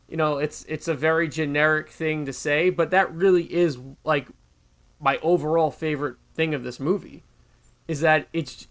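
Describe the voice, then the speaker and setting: A young man co-hosting a casual movie-review chat, relaxed and emphatic, laughing easily. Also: a little high. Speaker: podcast co-host reviewing a movie.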